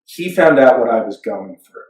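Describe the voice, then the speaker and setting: A young man tells his story as an interview guest, loose and animated, with casual swearing. He sits a bit back from the mic in a roomy space that adds echo. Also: mid-range voice, moderate pace. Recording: roomy, somewhat distant mic.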